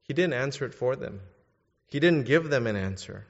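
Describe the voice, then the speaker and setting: A man's voice: medium pitch, lively intonation, normal speed, gravelly. Man preaching in an echoing church. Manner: questioning, urges listeners to think. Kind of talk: sermon. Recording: dull sound in a reverberant hall.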